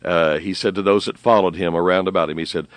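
A man's voice: low-pitched, fairly even intonation, fast, no room sound. A middle-aged man preaching a sermon on the radio, emphatic and repeating phrases for stress.

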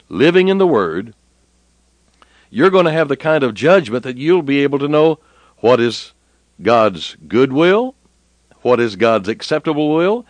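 Guy preaching, voice jumps up and down a lot, goes up and slow on the scripture bits, dry close mic. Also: dry recording. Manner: rises in pitch and slows down when quoting scripture. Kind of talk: sermon.

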